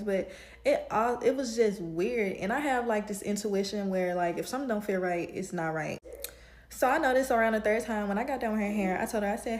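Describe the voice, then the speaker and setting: A woman who does hair from home, telling an animated storytime to camera. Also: mid-range voice, fast talker, echoey room. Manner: animated, builds to heated retelling. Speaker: home-based hairstylist.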